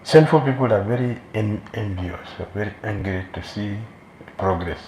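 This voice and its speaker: A man's voice: on the low side, normal speed, a little mellow, a little hiss or hum. A man giving a sermon as a spiritual teacher, emphatic and repeating key phrases for weight. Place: temple hall. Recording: roomy hall echo.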